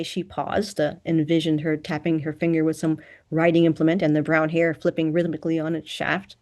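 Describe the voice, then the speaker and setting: A woman narrating a first-person novel in an even, measured reading voice. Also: low voice. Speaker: audiobook narrator.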